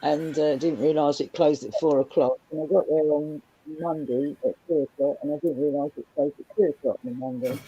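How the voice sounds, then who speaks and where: A woman's voice: low voice, steady tone, fairly quick, few pauses, mellow, breathy edge, dull audio. A woman from London with a Cockney accent, chatting casually and telling frank stories with frequent laughs. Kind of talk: casual group chat.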